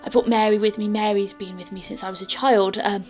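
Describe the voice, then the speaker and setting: A woman's voice: mid-range voice, steady tone, brisk, darkish tone, soft background music, natural voice. A woman voicing a young nobleman heir who speaks politely and hesitantly, with frequent stammers.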